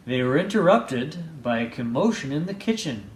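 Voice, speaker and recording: A man reading a children's picture book aloud, slow and playful, doing voices as he goes. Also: roomy sound. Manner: slow, expressive, playful read-aloud with lively pitch. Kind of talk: storybook read-aloud with voices.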